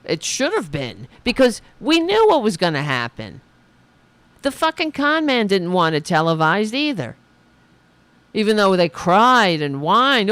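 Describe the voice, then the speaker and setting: A woman's voice: mid-range voice, very animated, measured pace, a bit bright, no echo. A middle-aged woman hosting a political commentary podcast, ranting angrily and swearing a lot. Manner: angry, profane ranting. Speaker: podcast host.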